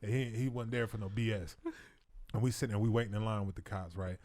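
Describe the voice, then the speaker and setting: A man on a podcast, telling a story in casual chat and acting out the other people's lines with animated voices. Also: lowish voice, quick pace. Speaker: podcast co-host.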